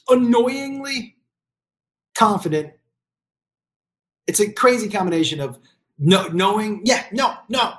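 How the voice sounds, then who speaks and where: Blunt, profane middle-aged parent ranting. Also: medium pitch. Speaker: parent giving advice. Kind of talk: casual comedic rant.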